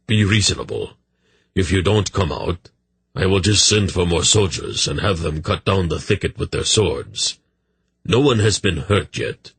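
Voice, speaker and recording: Man playing a smoothly courteous army captain. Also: low voice, fairly bright tone, dry recording, full character voice. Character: polite, calculating male army captain.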